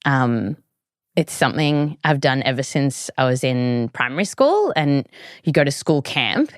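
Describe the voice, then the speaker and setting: Speaking in a very deep voice, an Australian woman tells an animated story on her podcast at a slightly slow pace. Her chatty style is loaded with likes and ums, and the recording is dry and studio-clean.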